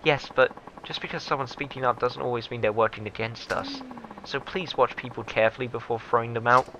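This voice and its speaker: A man voicing a polite, earnest middle-aged male politician who speaks softly and formally. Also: medium pitch, expressive, a little fast, natural voice. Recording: dull lo-fi with faint noise.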